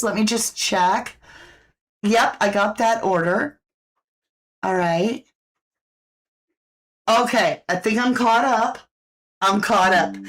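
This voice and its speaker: Slow-talking chatty woman host. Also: a little high. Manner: chatty, folksy, reads out viewer comments. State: out of breath. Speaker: host selling products on a live stream. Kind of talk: casual live-stream product talk.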